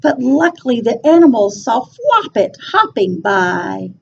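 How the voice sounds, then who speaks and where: A woman reading a rhyming children's picture book aloud in an expressive, sing-song storytelling voice. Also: fairly high pitch, measured pace, creaky, dull audio, slight background noise.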